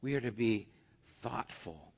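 In a reverberant church hall, a pastor gives a sermon in a conversational manner, dramatizing quoted asides along the way. His medium-pitched voice has a darkish tone and some vocal fry, and he speaks expressively without hurrying. The hall leaves a long reverb on the recording.

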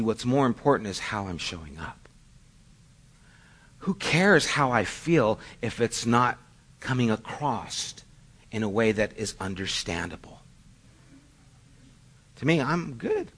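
A man with a medium-pitched, slightly bright voice preaches a sermon. He's a middle-aged pastor who talks in a conversational storytelling style, mixing in self-deprecating asides.

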